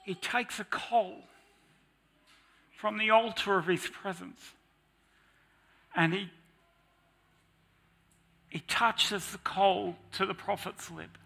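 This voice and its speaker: A man's voice: high voice, slow, creaky, long pauses, sharp tone, slightly rough. A man preaching a sermon in a church, speaking in an earnest, confessional way. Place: church with slides.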